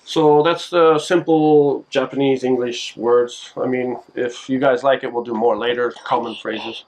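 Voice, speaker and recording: A man casually explaining simple phrases in a home video lesson, relaxed and slow, with many fillers. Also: medium pitch, a little hiss or hum, low-quality recording.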